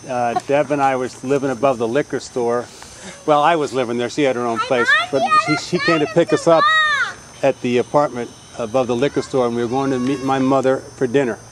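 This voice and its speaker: A man telling family stories at a graveside gathering, rambling and halting with restarts. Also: mid-range voice, big pitch swings, very noisy. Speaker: family member sharing memories. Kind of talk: graveside remembrance storytelling. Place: outdoors at a graveside.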